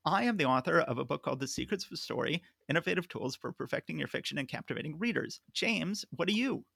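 A man's voice: a little high, expressive, quick pace, creaky, a bit bright, husky, dry recording. A man hosting a podcast in casual chat, telling stories at length and laughing often. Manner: chatty, storytelling, laughs often. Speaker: podcast host.

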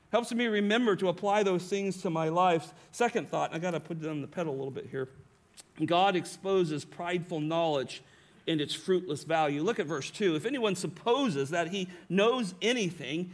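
A pastor preaching a sermon to his congregation, emphatic, often tagging lines with a rhetorical "right?" and slowing down on key phrases. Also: high-pitched. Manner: varies pace and volume, slowing on key phrases. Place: church sanctuary.

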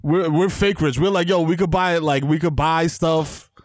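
A podcast co-host with a New York accent talks in slangy, profane banter and laughs often. His pitch runs a little high for a man. The recording is dry and close-miked. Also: normal speed, dry recording. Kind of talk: casual chat.

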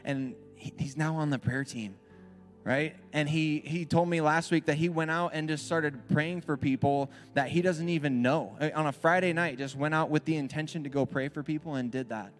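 A man's voice: a little high, fairly even intonation, moderate pace, faint music behind. A man preaching a sermon in a church, speaking in a casual, conversational way and often checking in with the crowd.

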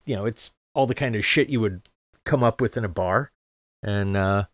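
Man, podcast co-host, casual chat, low voice, halting, dry mic. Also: dry recording. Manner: halting, searching for words, swears casually.

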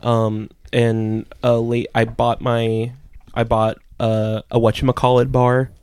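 A man co-hosting a podcast, rambling through absurd comedic bits with animated voices. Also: medium pitch, takes it slowly, clear, resonant tone, no room sound. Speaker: podcast co-host. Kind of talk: comedic riffing chat.

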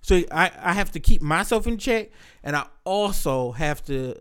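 Podcast host, male, high-pitched, talks candidly and profanely about his life. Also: expressive, normal speed, a bit bright, clean tone. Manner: candid, profane, reflective storytelling. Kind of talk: casual podcast chat.

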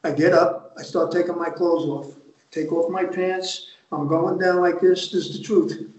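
A man's voice: high-pitched, fairly even intonation, moderate pace, darkish tone, a little hiss or hum. An older man with a New Jersey accent, a retired undercover agent telling stories bluntly and with plenty of profanity in a casual interview. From North Jersey. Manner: blunt, profane, streetwise storytelling. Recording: distant, echoey, muffled remote audio.

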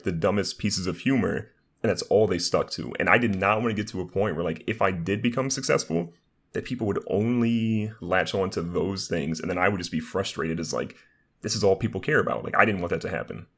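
A young man with a low, slightly rough and fairly bright voice talks a little fast. He is a streamer and content creator appearing as a podcast guest, chatting casually in an upbeat, rambling way stuffed with "like" fillers.

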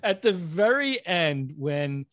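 Brief: male podcast host, lively storyteller, dry close sound. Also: fairly high pitch, slow pace, no echo. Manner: animated, laughs, mimics characters. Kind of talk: casual film discussion.

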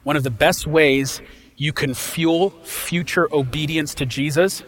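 A pastor delivering an impassioned sermon in a folksy, casual way, swinging from loud emphasis to hushed quiet. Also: male voice, on the high side, a little slow.

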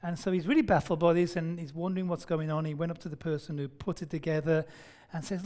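A man preaching a sermon in a relaxed, conversational way, often restarting and repeating words. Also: fairly high pitch, fast. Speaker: pastor.

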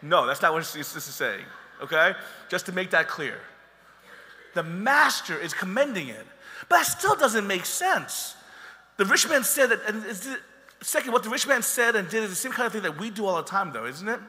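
A man's voice: high voice, very animated, normal speed, sharp tone, long reverb tail. A man preaching a sermon as pastor, talking in a conversational way and joking with the congregation.

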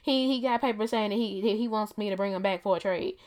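A woman's voice: medium pitch, quick pace, a little mellow, close to an everyday voice. A woman voicing a bold, sassy woman who bluffs and mocks her foes. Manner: sassy, mocking.

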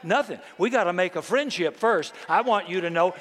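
Middle-aged pastor guy preaching, kinda high voice, jokey and animated, big echoey church. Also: brisk, slight background noise. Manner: animated, conversational preaching with humor. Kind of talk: sermon. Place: large church hall. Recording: long hall reverb.

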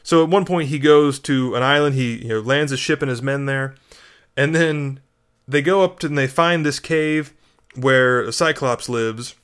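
Priest guy chatting casually, dry jokey asides, middle pitch, talks like he's just thinking out loud. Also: clean tone. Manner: wry, conversational storytelling. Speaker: Catholic priest. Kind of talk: casual spoken reflection.

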